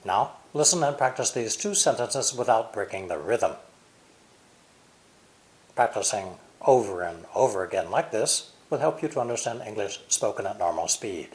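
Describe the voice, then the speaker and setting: An American man teaching English pronunciation, explaining clearly with deliberate, exaggerated stress. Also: lowish voice, animated. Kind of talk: language lesson explanation.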